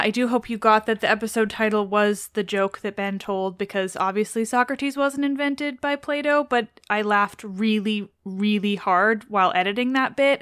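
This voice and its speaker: A woman's voice: medium pitch, fairly bright tone, smooth, no echo, clean studio sound. A woman hosting a podcast in casual chat, bubbly and enthusiastic, laughing often. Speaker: podcast host.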